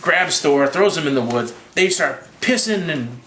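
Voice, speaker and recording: A slightly drunk young man rambling through a profane, casual movie recap with quick impressions. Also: medium pitch, expressive, fairly bright tone, reverberant, a little hiss or hum. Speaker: movie reviewer.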